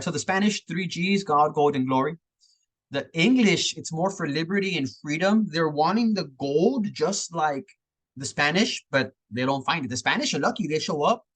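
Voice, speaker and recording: A man's voice: medium pitch, fairly bright tone. A man teaching a history lesson in a loose, conversational way, often checking in with "right?". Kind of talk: casual classroom lecture over slides.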